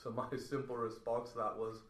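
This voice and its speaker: A podcast guest with a medium-pitched voice tells a story casually and a little fast, in an echoey room. He's an animated storyteller who acts out the lines people said.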